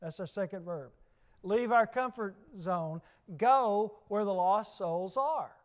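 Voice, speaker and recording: A man's voice: high voice, slow. A man with a Southern US accent preaching a sermon, emphatic, with repeated phrases and rhetorical questions.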